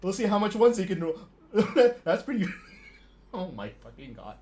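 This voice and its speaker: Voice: mid-range voice, sing-song, moderate pace, dark tone. A stream host commentating a tabletop wargame live, laughing constantly and swearing in disbelief at the dice rolls.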